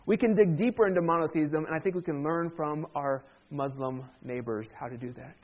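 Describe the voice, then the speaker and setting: A man's voice: on the high side, lo-fi sound. A man preaching a sermon as a pastor, talking in a conversational way with humorous asides.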